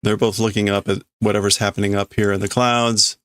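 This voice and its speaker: A man's voice: on the low side, flat delivery, brisk, fairly bright tone, clean tone, dry recording, clean studio sound. A man streaming live as he reads a manga aloud and translates it, thinking aloud and hesitating over the words. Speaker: streamer host.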